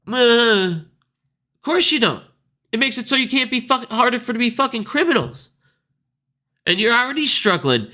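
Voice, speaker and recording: This stock market video host, running his own show, delivers a blunt, profane, scornful casual rant. His very high, pushed, bright voice is very animated, moving at normal speed with long pauses.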